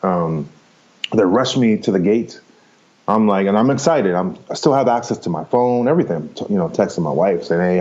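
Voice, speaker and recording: Deep, dark-voiced man telling a story. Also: highs cut off. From Canada. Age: 50s. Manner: rambling, seeks agreement with "right?" and "you know". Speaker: podcast guest. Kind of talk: casual first-person storytelling.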